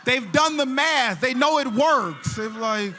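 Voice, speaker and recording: A young adult man performing a stand-up comedy set on a theater stage, telling animated, jokey stories. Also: very high voice, takes it slowly, a little hiss or hum.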